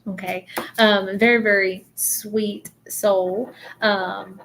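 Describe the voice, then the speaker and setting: Soft-spoken woman streaming live. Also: mid-range voice, steady tone, slight background noise. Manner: soft, halting, many fillers. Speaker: psychic medium livestreamer. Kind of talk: casual live stream reading.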